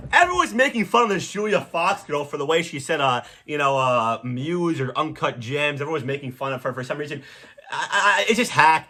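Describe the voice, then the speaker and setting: Brash bright-voiced young man ranting. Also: a little high. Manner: crude, rambling, mock-ranting with sudden loud jumps. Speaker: podcast host. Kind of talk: casual comedic monologue.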